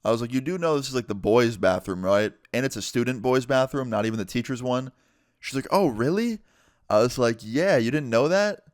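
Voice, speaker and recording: A man's voice: mid-range voice, fast, no echo, clean studio sound. A young man casually telling a story, swearing freely and filling with "like". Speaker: storyteller vlogger.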